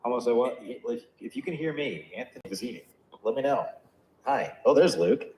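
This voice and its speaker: A man's voice: medium pitch, animated, fairly quick, reverberant, lo-fi sound, slight background noise. A man co-hosting a podcast, playful and joking, making goofy noises during a mic check. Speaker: podcast co-host. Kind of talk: casual podcast chat.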